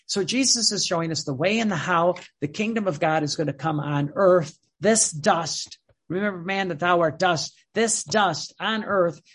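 A man's voice: high voice, fairly bright tone, slightly rough. A man preaching a sermon in a fervent way, repeating words and phrases for emphasis.

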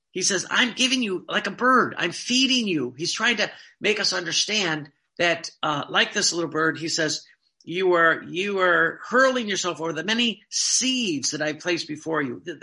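A man preaching a sermon earnestly, often repeating words and slowing down to read quoted passages. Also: high voice, expressive, sharp tone.

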